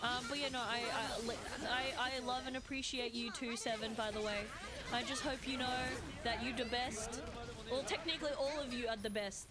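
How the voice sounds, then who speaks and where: A woman's voice: on the high side, steady tone, normal speed, a loud crowd. A young woman streaming and chatting casually with her viewers, blunt and swearing freely, rambling with lots of fillers.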